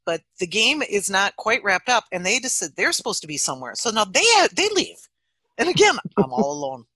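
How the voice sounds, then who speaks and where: A woman's voice: medium pitch, brisk, no room sound. A middle-aged woman casually telling an anecdote on a podcast, laughing often as she goes. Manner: animated, laughs often mid-story. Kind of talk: casual storytelling chat.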